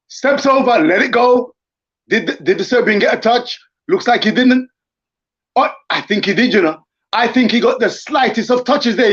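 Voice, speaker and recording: A man giving excited, theatrical live football commentary for a watchalong stream, full of exclamations. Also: high-pitched, highs cut off.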